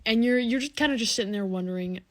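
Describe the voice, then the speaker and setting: A young adult woman who makes comedy videos speaks quickly in a slightly high voice. Straight to camera, she delivers rambling, exasperated comedic rants packed with "like" and restarts.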